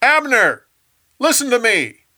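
A loyal young warrior , as a male storyteller puts him on, firm and earnest in a bright, dry read. His lines come slow and deliberate. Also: a little high, expressive, no room sound. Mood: shouting. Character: young warrior David, a loyal future king.

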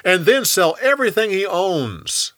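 A man voicing a stern yet generous king who gives loud, commanding orders. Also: high-pitched, very animated, measured pace, no echo, studio quality, pitched above the performer's own voice, heavily acted.

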